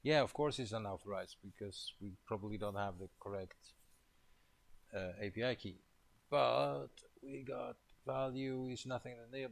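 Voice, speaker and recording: A man talks his way through a coding session, thinking aloud as he goes. His voice sits low and carries a gravelly fry. He drawls slowly, mutters half-finished remarks to himself and swears now and then. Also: poor audio. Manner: casual, mildly profane. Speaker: programmer leading a coding session.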